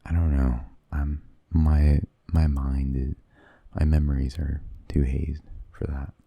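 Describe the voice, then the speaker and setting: An ASMR creator with an extremely deep voice, dark, husky and gravelly, tells hesitant, rambling stories softly and slowly in a level tone, often drifting into whispers close to the mic. The recording is dry.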